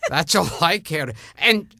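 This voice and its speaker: A man, hosting and telling a story in a loud, animated, mischievous way. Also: high-pitched, slow pace, creaky, dry recording. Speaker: host. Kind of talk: casual storytelling chat.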